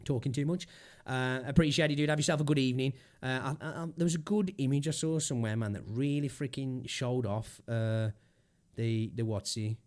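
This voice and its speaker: On his livestream, a young man with a medium-pitched, darkish voice rants briskly and casually. The swearing never lets up, he rambles with fillers, and his throat sounds a little sore.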